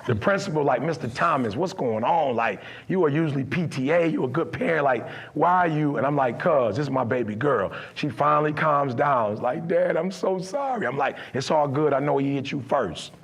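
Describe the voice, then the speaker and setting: A man's voice: mid-range voice, a little fast, gravelly, hardly any pauses, slightly rough. A middle-aged man giving a motivational speech, telling stories with acted-out dialogue and building to impassioned preaching. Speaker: motivational speaker.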